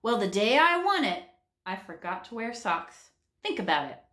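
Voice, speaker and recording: A woman reading aloud and voicing an easygoing, blunt male hobo in a flat, matter-of-fact way. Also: mid-range voice, moderate pace. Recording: roomy echo.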